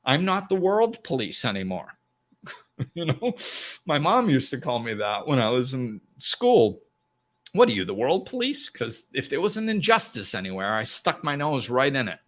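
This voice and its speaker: A middle-aged man hosts a live self-help talk in a lively voice that swings widely up and down. His tone is bright and forceful, and he often laughs while acting out both sides of a quarrel. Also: mid-range voice, moderate pace. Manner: animated, acts out arguments in raised voices, laughs often. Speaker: host.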